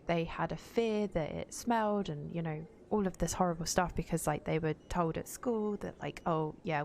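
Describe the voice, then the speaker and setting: A woman's voice: fairly low pitch, gravelly, slight background noise. A young woman streaming a game, chatting bluntly with viewers and swearing freely. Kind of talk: casual gaming stream chat.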